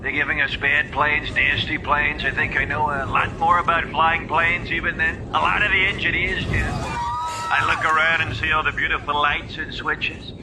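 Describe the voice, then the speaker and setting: A self-pitying, bragging politician playing pilot, as a man puts him on, rambles through a comedic ad in a slightly raised voice. Aircraft and engine noise runs clearly under him. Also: fairly high pitch, flat delivery, moderate pace, close to an everyday voice. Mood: boastful. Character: boastful male politician pretending to be an airline pilot.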